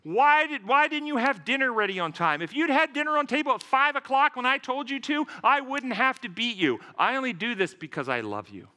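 A man's voice: fairly high pitch, huge pitch swings, fast talker, few pauses, pushed and bright, exaggerated voice. A man quoting an angry, self-justifying husband. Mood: angry blaming. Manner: blaming, insistent.

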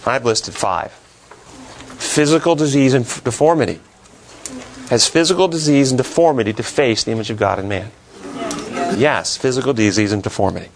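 Bible-class teacher, male, mid-pitched, questions the room, light hiss behind. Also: moderate pace, long pauses. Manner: asks the class questions, then answers them.

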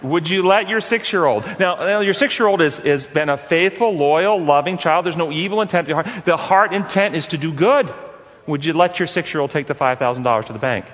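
A man teaching a forgiveness course in an earnest, repetitive way, putting questions to his listeners. His voice sits somewhat high for a man. A long reverb from a large hall trails after his words. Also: lively intonation, brisk, fairly bright tone. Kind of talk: teaching talk with stories.

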